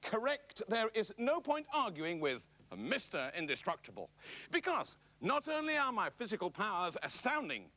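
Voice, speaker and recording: A man hosting a children's puppet comedy with a high, very lively voice. He bosses and boasts in a big, excitable, comic way. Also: normal speed. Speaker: children's TV presenter.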